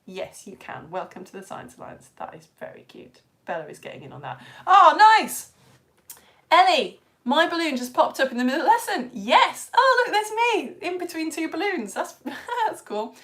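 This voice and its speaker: A woman's voice: sits high, big pitch swings, a little fast, few pauses, fairly bright tone. A young British woman hosting a live children's science lesson, bubbly as she reads out viewers' comments and greets them by name. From United Kingdom. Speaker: science teacher.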